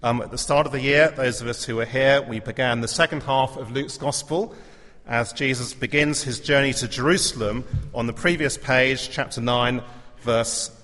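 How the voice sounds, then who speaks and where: A male pastor delivers his sermon in a measured, earnest way, slipping in gentle humour. His voice sits in a middle register. The sound rings in a large hall with a long reverb tail. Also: medium pitch, steady tone.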